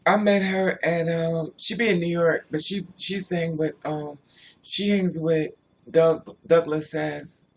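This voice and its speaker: A man's voice: a little high, fairly even intonation, slow, slight background noise. A man on a casual livestream who tells rambling personal stories and answers viewers' chat comments as he goes.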